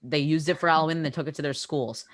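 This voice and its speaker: A teenage boy hosts a casual podcast chat, leading the talk and steering topics with lots of fillers. His voice sits on the high side, steady and fairly bright, and he talks fast.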